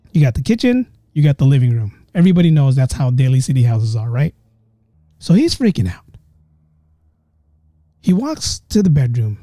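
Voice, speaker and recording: A man hosting a podcast, telling a ghost story in a chatty way, talking straight to his listeners and slowing down for suspense. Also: fairly high pitch, mellow, no room sound. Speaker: podcast host.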